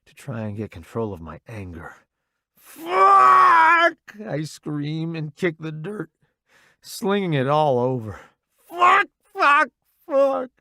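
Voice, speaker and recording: A man narrating a first-person audiobook in a slow, dramatic way. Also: mid-range voice, creaky, a bit bright, dry recording, studio quality.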